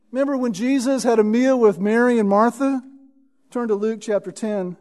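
A man's voice: extremely high pitch, moderate pace, darkish tone. A man preaching a sermon as a pastor, emphatic and given to repeating words as he builds a point.

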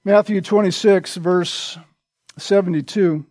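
A man preaching an expository sermon in a conversational way, often checking in with his listeners with a quick "right?". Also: high-pitched, steady tone, a little mellow, dry recording, clean studio sound. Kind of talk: sermon, expository Bible teaching.

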